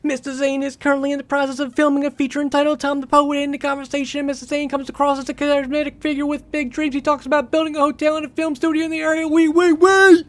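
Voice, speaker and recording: A man putting on an exaggerated mock French accent, voicing a hammy French gentleman who reads out a news article and keeps tossing in "oui". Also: flat delivery, quick pace, hardly any pauses. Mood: mocking, theatrical. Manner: hammy, peppers lines with "oui", climbs ever higher. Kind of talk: comic accent bit on a game stream.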